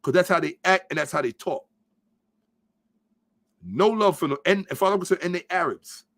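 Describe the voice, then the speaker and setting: A man's voice: high-pitched, animated, normal speed, a bit bright. A man hosting a podcast, giving a blunt, profane, emphatic commentary monologue and lecturing his listeners. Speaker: podcast host. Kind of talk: ranting social commentary monologue.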